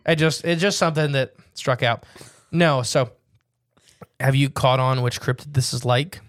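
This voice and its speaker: A man chatting casually as a podcast co-host. He rambles with a joking edge and drags out the key words. The sound is dry and close, with a middling pitch. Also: a bit bright, no room sound. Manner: rambling, jokey, slows to stress details.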